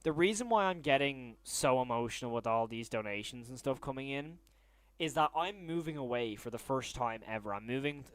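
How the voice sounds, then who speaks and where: A young adult man hosting a casual livestream, excitable and openly emotional as he talks to viewers. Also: medium pitch, fairly quick, no echo. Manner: excitable, then hushed and emotional. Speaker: livestream host.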